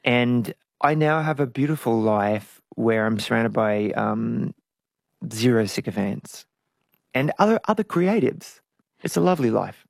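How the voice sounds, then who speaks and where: A middle-aged woman, a singer, talking frankly and reflectively as an interview guest, animated at times. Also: extremely low pitch, a little slow, gravelly, no room sound, clean studio sound. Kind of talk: candid conversational interview.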